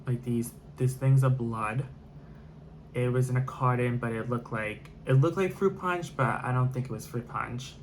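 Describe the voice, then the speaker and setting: Male storyteller, mid-pitched, casual rambling delivery with constant fillers. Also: moderate pace, slight background noise. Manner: rambling, heavy on fillers and restarts.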